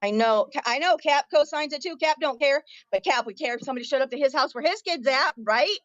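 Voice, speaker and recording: A woman's voice: high-pitched, lively intonation, fairly quick, a bit bright, dry recording, highs cut off. A woman ranting angrily and profanely on her livestream, confronting her viewers head-on. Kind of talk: angry livestream rant.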